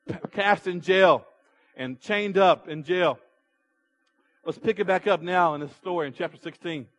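A man's voice: high-pitched, a bit bright. A male pastor preaching a sermon, retelling a story and putting rhetorical questions to his congregation. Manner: storytelling with repeated restarts.

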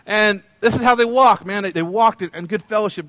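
A man's voice: high voice, brisk, sharp tone, no room sound. A man preaching a sermon as a pastor, conversational and playful, often repeating his phrases.

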